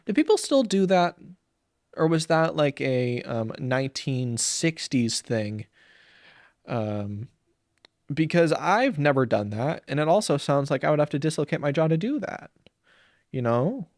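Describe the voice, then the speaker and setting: Young male podcast host, crude and rambling, average pitch, dry close sound. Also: no echo. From Saint Paul, Minnesota. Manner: rambling, crude, jokey, slips into silly voices for bits. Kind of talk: comedic solo podcast rant.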